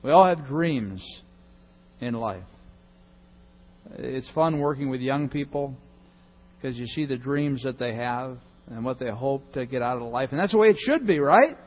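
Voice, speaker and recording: A male pastor giving a sermon, swinging between loud emphasis and soft, hushed reading. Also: mid-range voice, lively intonation, a little slow, lo-fi sound.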